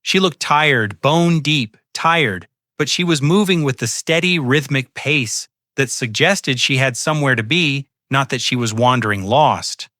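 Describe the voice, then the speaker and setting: An older man tells a first-person story in a measured, solemn way. His voice is bright and forceful, at an ordinary pitch for a man. The recording is dry and close, with no room sound. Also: no echo. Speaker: narrator. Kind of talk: scripted first-person narration.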